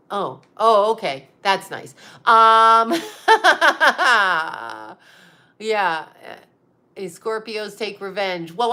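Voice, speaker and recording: A woman's voice: a little high, pushed and bright. A woman in her fifties who hosts as a psychic and astrologer, chatting casually on a livestream, reading viewer comments, blunt and profane, laughing often. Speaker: psychic medium and astrologer host.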